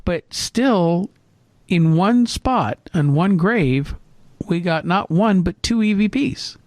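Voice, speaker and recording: A middle-aged man telling a story in casual chat, with lively restarts and fillers. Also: high-pitched, slow pace, no echo. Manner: animated anecdote, hesitant fillers. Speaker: co-host.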